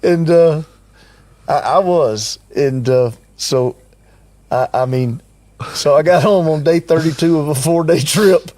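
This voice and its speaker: A man's voice: on the high side, unhurried, a little mellow, dry recording. An older man telling a story in casual conversation, acting out what others said and chuckling often. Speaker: team member recounting a trip.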